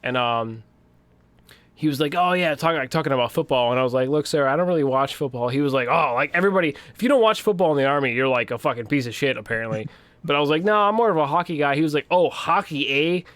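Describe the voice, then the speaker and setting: A young man with a Western Pennsylvania accent, talking in a slightly higher register, swearing freely and jumping into quoted voices as he tells stories. The sound is dry and close, with no room around it. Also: fast, no room sound. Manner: profane, animated storytelling, acts out quoted voices. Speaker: podcast co-host. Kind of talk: casual chat.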